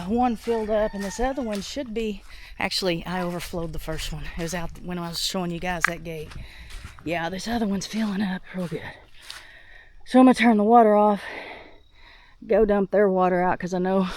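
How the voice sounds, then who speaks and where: A woman vlogging outdoors on her farm while doing chores, sick and a little out of breath, thinking out loud with many restarts. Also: lowish voice, background noise. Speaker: homestead vlogger.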